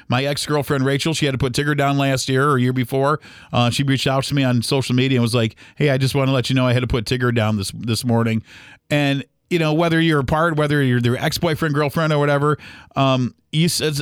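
A man's voice: mid-range voice, clean tone, no echo, clean studio sound. Earnest rambling male podcast host. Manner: rambling, earnest, many fillers and restarts; speaks of faith gently and sincerely. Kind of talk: heartfelt casual monologue.

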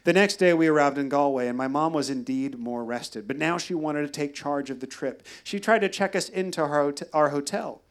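A man telling a wry, deadpan personal story at a live storytelling show. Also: fairly high pitch, fairly quick, hardly any pauses, smooth. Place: live venue.

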